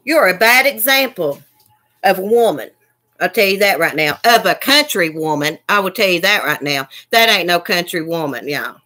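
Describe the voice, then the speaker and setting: A woman's voice: on the low side, animated, normal speed, bright, forceful tone. A woman ranting angrily on her livestream, swearing and repeating herself. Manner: heated, cussing, repetitive. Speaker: livestream host. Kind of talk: angry livestream rant.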